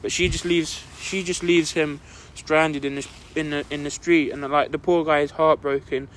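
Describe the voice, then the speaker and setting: A man's voice: fairly high pitch, fairly even intonation, moderate pace, a little hiss or hum. A young man, co-hosting a podcast and telling a long story in casual chat, rambling and filling his talk with "like". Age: young adult. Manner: rambling, fills with "like" constantly. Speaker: podcast co-host.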